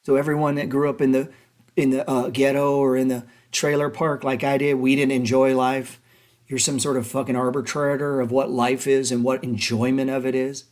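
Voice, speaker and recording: Brief: male host, mid-pitched, heated casual rant, swears a lot, sarcastic rhetorical questions. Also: flat delivery, a little mellow. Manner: profane, mocking, rapid rhetorical questions. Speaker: trading show host.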